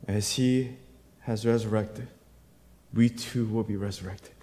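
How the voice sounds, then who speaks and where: A male pastor preaching a sermon, reading scripture aloud and building to loud, emphatic bursts before dropping back to a quiet voice. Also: lowish voice, steady tone, measured pace. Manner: reads scripture aloud, acting out the quoted voices. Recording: long hall reverb.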